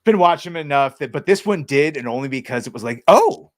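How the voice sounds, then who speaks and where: A man's voice: medium pitch, animated, fast talker, no echo, clean studio sound. A man co-hosting a casual podcast chat, ranting sarcastically and swearing freely. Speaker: co-host.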